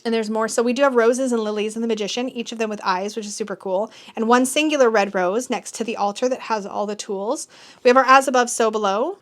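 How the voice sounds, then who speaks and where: Excitable woman gushing over a tarot unboxing. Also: a little high. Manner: gushing, excitable, with gasps and quick squeals. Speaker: tarot deck reviewer. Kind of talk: casual unboxing chat.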